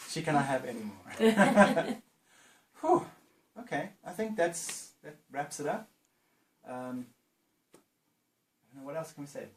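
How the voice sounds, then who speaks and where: A man's voice: fairly high pitch, expressive, unhurried, long pauses, slight background noise. A male interviewer in a casual chat who laughs often and keeps things playful. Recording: echoey room.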